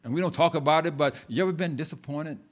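A male pastor delivers an impassioned sermon in a church, with a fairly high voice. He swings from loud, emphatic lines to hushed asides, often restarting and repeating words as he builds his point. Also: quick pace.

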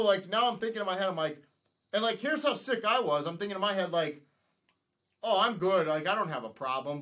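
A man with a fairly high voice tells a story casually. He rambles and keeps acting out what everyone said, one "he's like" after another. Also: fairly bright tone. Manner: rambling, retells dialogue with lots of "he's like" and "I'm like". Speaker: podcast guest.

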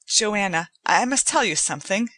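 A woman's voice: medium pitch, lively intonation, normal speed, pushed and bright, no room sound. A woman reading aloud, voicing an earnest young man pleading with his father and his beloved. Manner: earnest, insistent, courteous. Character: earnest young gentleman, devoted son.

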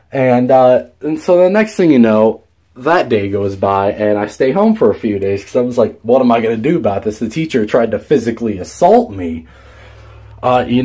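A man's voice: medium pitch, a little mellow. Young man rambling through a story. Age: young adult. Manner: rambling, many fillers and restarts, swears freely. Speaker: vlogger. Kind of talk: casual storytelling vlog.

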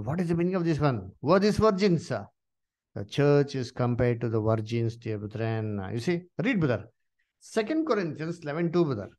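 A man teaching a Bible study, asking his listeners questions and filling pauses with "uh" and "you see.". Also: mid-range voice, a little mellow.

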